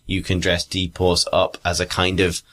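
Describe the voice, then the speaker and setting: A man with a very low voice chats casually as a podcast co-host. He rambles a little and corrects himself as he goes. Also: monotone, unhurried, sharp tone. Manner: rambling, self-correcting, thinking aloud. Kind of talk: casual chat.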